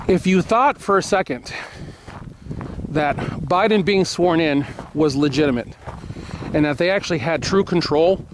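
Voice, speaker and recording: Middle-aged male vlogger, higher-pitched, impassioned outdoor rant with sudden drops to a hush. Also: background noise. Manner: swings from shouting to hushed apologies. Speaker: firearms accessory maker and vlogger. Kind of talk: impassioned political monologue to camera.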